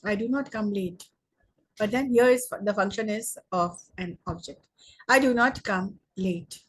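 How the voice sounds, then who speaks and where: A young Indian woman teaching an online English grammar lesson, slowly repeating words and sentences for emphasis. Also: mid-range voice, breathy edge.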